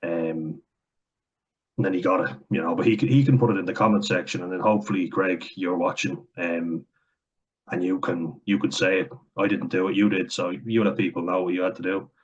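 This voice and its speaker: A man's voice: low voice, steady tone, a little fast, husky, muffled recording. An Irish man giving a heated, blunt vlog rant at home, swearing often. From Ireland. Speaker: commentator. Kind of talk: ranting vlog commentary. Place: at home, indoors.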